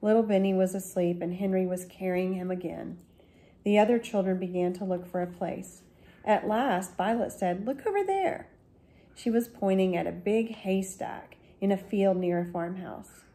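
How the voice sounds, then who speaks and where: A woman, a school librarian, reading a children's book aloud slowly and gently. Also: mid-range voice, steady tone. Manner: slow, gentle storytelling.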